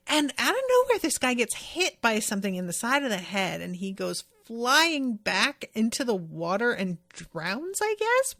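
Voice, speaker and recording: A woman's voice: on the high side, bright, forceful tone, no room sound. Chatty woman podcaster, dry close sound. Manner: chatty, rambling, many fillers and asides. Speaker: podcast host. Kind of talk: casual chat recapping an anime episode.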